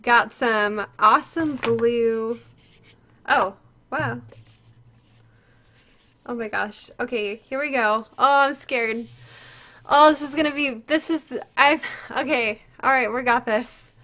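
A woman's voice: on the high side, takes it slowly, long pauses, sharp tone. A woman streaming live to her viewers, gushing and tearful as she opens a gift, exclaiming often. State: tearful, close to crying.

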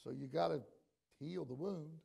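A bishop preaching a sermon in a church sanctuary. His voice sits high and carries a rough, gravelly edge. He tells homespun stories, then builds to loud, repeated exhortation. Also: normal speed. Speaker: bishop and pastor. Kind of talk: storytelling sermon.

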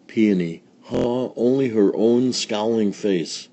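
A man reading a children's picture book aloud in a slow, deliberate storytelling manner. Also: lowish voice, dark tone, husky. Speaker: storybook reader.

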